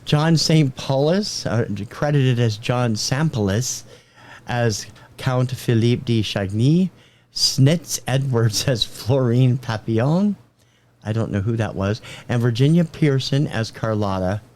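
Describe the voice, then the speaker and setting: A man's voice: mid-range voice, takes it slowly, darkish tone. A man co-hosting a podcast, reading out cast credits and giving film facts in a matter-of-fact way. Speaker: podcast co-host. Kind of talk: casual film review chat.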